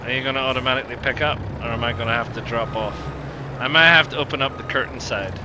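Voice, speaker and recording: A man's voice: medium pitch, fast, background noise. A man giving casual, rambling gameplay commentary, with lots of ums and self-corrections. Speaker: gaming video host.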